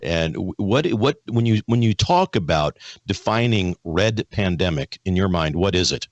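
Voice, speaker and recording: Folksy low-voiced American talk show host. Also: male voice, animated, moderate pace, dry recording, highs cut off. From United States. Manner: folksy, repeats words, many restarts. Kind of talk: conservative talk show hosting and ad reads.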